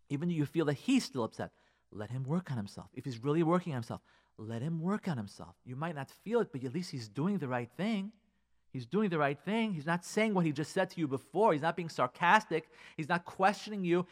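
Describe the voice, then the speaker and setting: Emphatic man giving marriage advice. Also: a little high. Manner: earnest, emphatic, repeats key points; acts out quoted spouses. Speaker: radio relationship advice speaker.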